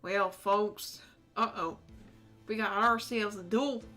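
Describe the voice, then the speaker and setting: A woman's voice: medium pitch, steady tone, slow pace, sharp tone, faint music behind. A woman voicing a laid-back Southern cowboy lawman in a game, with a Tennessee drawl and folksy frontier sayings. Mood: folksy showman.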